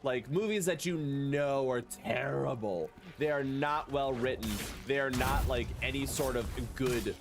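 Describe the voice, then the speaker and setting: A man's voice: mid-range voice, unhurried, hardly any pauses, over music. A man streaming a video game, chatting casually and joking with his viewers as he plays. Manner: animated, joking, chatting with viewers while playing. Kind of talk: casual gaming livestream chat.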